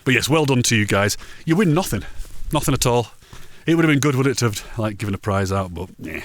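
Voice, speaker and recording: A man's voice: medium pitch, lively intonation, fast. A man, chatting casually and jokingly while walking along a mountain ridge outdoors. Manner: chatty, jokey, rambling asides. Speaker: hiking vlogger.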